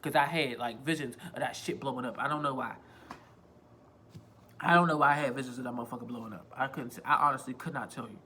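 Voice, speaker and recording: A man's voice: medium pitch, fast, bright, forceful tone, a little hiss or hum. A man vlogging a casual storytime on a phone, rambling, repeating himself and swearing freely. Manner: rambling, profane, self-repeating.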